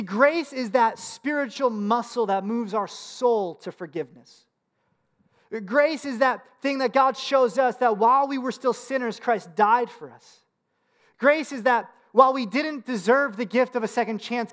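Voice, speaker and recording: A man in his thirties preaching a sermon in a conversational storytelling way, with casual fillers and laughs. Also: high-pitched. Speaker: pastor.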